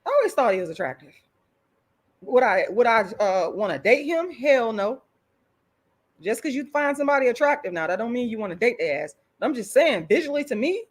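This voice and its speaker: A fired-up middle-aged woman talking straight into a phone or webcam on a live stream. Her voice sits a little high and swings widely as she rants, blunt, profane and repeating herself when she gets heated. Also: husky. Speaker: online commentator. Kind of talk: livestream rant.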